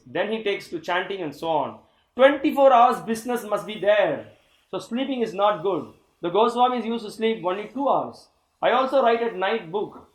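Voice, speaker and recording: A man's voice: high-pitched, reverberant, rough recording. A man teaching a scripture course, reading passages aloud and commenting on them. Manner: reads aloud and comments, with laughs. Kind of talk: scripture class lecture.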